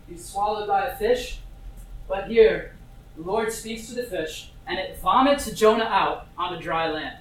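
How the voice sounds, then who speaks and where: Chatty preacher in a very echoey hall. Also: medium pitch. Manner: chatty, with many fillers and asides to the audience. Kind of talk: casual conversational sermon. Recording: very echoey, distant, faint hiss.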